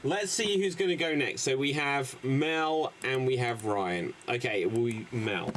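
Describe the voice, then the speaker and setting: A man's voice: medium pitch, fairly bright tone, a little hiss or hum, low-quality recording. A man hosting an improv livestream, setting up games and reading chat in a hesitant way. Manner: slow, hesitant, lots of fillers. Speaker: improv show host. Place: small stream studio.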